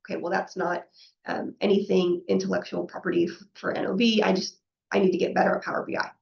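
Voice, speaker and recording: A woman's voice: medium pitch, little pitch movement, fast, creaky, darkish tone, highs cut off. A woman giving a professional webinar presentation, talking conversationally, often checking in with "right?" and acting out quoted exchanges.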